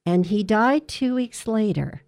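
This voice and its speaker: A woman working as a hospice dietitian, telling a patient's story in an interview with earnest, measured storytelling. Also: mid-range voice, animated, a little mellow.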